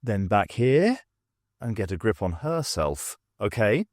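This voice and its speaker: Jittery panicky man, lower voice, audiobook character read by a man, dry recording. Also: big pitch swings, takes it slowly, darkish tone, no room sound. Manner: tense, panicky. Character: nervous man on the edge of madness.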